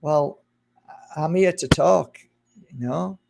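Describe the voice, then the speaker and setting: A man's voice: a little high, slow, creaky, darkish tone. A man hosting a live spiritual Q&A, talking in an earnest, rambling way that swings into heated emphasis. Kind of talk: casual live-stream sign-off and rant.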